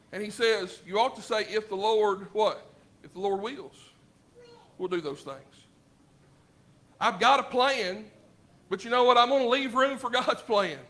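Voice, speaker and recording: A Southern-accented preacher addresses his congregation in a church sanctuary with a very high-pitched, bright, ringing voice. He keeps it conversational, tossing out rhetorical questions and moving between loud emphatic statements and low, quiet asides.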